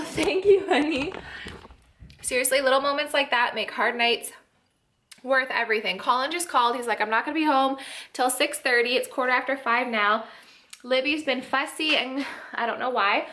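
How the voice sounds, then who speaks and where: A woman's voice: high-pitched, bright, forceful tone, slight background noise. A young woman vlogging as a stay-at-home mom, chatty and laughing often, sighing now and then. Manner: chatty, laughs often, sighs, talks to her kids. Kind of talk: casual home vlog.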